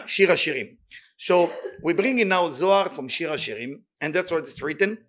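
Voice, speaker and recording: Excitable male Torah teacher, rapid speech, slightly high voice, reads Hebrew fast and then translates. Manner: animated, excitable delivery. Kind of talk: weekly Torah study class.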